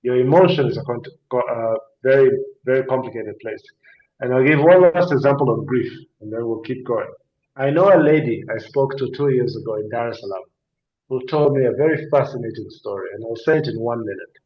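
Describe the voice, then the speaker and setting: Male talk-show guest, earnest explainer, mid-pitched voice, roomy slightly muffled sound. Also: fairly quick. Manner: earnest, explanatory, emphatic with rhetorical questions. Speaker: guest speaker on addiction and mental health.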